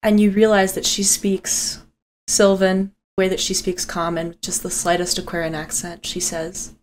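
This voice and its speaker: A woman game master narrating a tabletop game with intensity, swearing freely and dropping low for solemn moments. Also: monotone, moderate pace, slight background noise.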